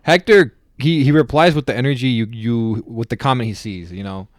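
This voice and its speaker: A man co-hosting a podcast, talking casually and backing up his friend with quick replies. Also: mid-range voice, dry recording, clean studio sound. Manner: supportive, quick backchannel replies. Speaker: podcast co-host.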